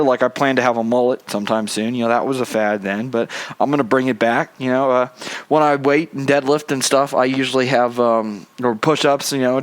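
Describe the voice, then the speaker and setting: A young man hosting his own show, talking in a loose, rambling monologue full of casual swearing and self-mocking asides. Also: medium pitch. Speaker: podcast host.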